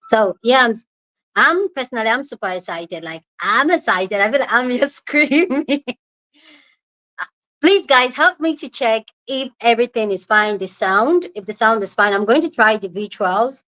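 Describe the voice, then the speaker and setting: A woman's voice: on the high side, animated, moderate pace, pushed and bright, low-quality recording. A young woman with a Nigerian accent hosting a casual livestream chat from home, bubbly and laughing often as she greets viewers. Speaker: livestream host.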